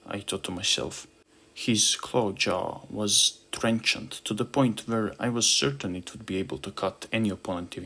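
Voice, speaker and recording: A man narrating his own novel in the first person as an audiobook, in plain storytelling that slows on key lines. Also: on the low side, a bit bright.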